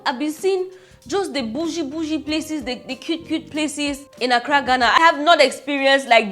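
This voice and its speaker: A young Cameroonian woman with a Cameroonian accent, telling travel stories in a casual vlog, animated and laughing as she acts out what people said. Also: mid-range voice. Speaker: travel vlogger. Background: soft background music.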